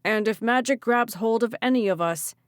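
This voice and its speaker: A woman doing a calm, protective young man. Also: fairly high pitch, moderate pace, clear, resonant tone, no room sound, clean studio sound, natural voice. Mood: steady, urgent. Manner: steady, reassuring.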